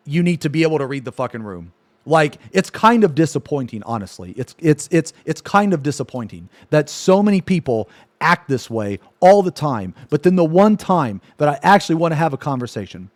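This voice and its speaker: A man's voice: on the high side, no room sound. A man streaming live who rants at his chat, swearing constantly, frustrated and annoyed, repeating "man" at the ends of lines. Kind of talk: angry rant to live chat.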